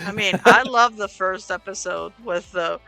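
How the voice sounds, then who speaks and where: A woman's voice: mid-range voice, moderate pace, creaky, music in the background. Blunt, profane woman podcast host. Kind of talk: casual chat.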